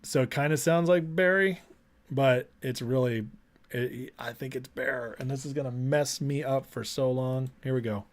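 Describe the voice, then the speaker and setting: A man's voice: mid-range voice, normal speed. A man hosting a political livestream, chatting loosely with viewers, rambling and repeating himself, then closing with a spoken prayer. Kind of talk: casual live-stream commentary and closing prayer.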